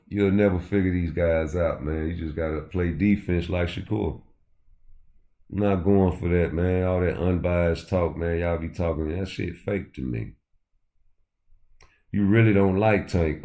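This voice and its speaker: Deep, mellow-voiced man ranting on a livestream. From Chicago. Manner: loose, profane, addresses chat directly. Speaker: livestream host. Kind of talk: casual livestream rant.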